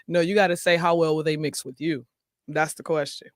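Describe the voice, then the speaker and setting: Brief: higher-pitched male host, chatty, laughs a lot, reads comments to the camera. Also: level tone, a little fast, dry recording. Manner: chatty, laughs often, talks to viewers directly. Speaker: show host. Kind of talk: casual chat, reading viewer comments aloud.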